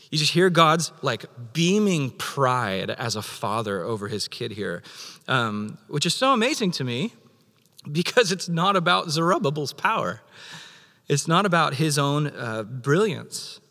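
A man gives a sermon in a church auditorium. His voice sits a bit high for a man. A long reverb from the big hall trails behind his words. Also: normal speed. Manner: animated, acts out God's voice in quotes. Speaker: pastor.

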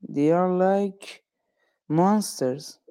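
Halting teenage caller from Iran. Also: male voice, high-pitched, warm tone, smooth. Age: teens. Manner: halting, searching for words. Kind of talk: casual call-in chat. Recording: call audio breaking up.

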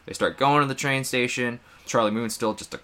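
Bright-voiced man recapping a film. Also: mid-range voice, brisk. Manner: animated, laughs often, acts out characters' lines. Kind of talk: casual movie discussion.

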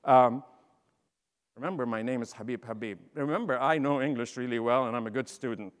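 Middle-aged man, animated, humorous keynote speaker; long reverb of a large hall. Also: medium pitch, a little fast. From Lebanon. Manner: animated, humorous, acts out dialogue. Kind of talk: storytelling talk to an audience.

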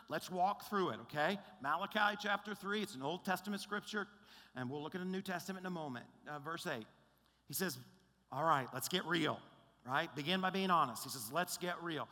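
Bright high-voiced pastor preaching in a hall. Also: male voice. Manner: emphatic, conversational, checks in with "right?". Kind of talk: sermon. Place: large church auditorium. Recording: long reverb of a large hall.

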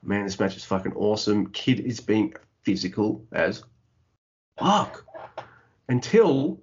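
A man's voice: lowish voice, slow, dull audio. A man co-hosting a podcast, chatting casually and animatedly about wrestling, swearing often and acting out what the wrestlers said. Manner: animated, swears a lot, acts out wrestlers' lines. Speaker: podcast co-host.

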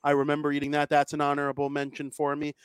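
Jokey man with a smooth voice. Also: a little high, completely flat delivery, fast talker, dry recording. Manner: enthusiastic, jokey. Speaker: podcast co-host. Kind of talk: casual chat.

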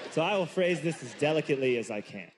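A man doing stand-up comedy, telling a self-mocking story with animated outbursts. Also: on the high side, fast. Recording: noisy live recording with room ambience.

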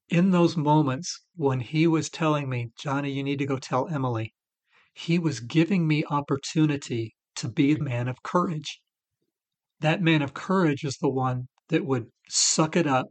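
A middle-aged man co-hosting a faith-based recovery talk, sharing his personal testimony earnestly. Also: fairly high pitch. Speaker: recovery podcast co-host.

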